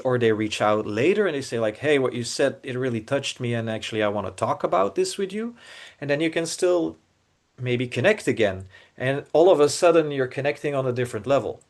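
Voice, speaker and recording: Man co-hosting a podcast, earnest, halting restarts, middle pitch. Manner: earnest, searching, many restarts and repeated words. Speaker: podcast co-host. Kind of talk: reflective casual podcast talk.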